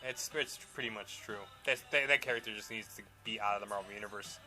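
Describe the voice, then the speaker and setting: Fast-talking man with wry asides. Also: on the low side, bright, forceful tone, soft background music, poor audio. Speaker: co-host. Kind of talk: casual podcast chat.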